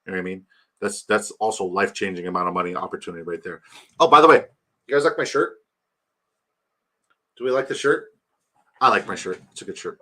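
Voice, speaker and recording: Bright-voiced man hosting a livestream. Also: sits low, fast, long pauses. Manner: rambling, reads chat aloud, hypes a giveaway. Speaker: livestream host. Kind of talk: casual livestream chat.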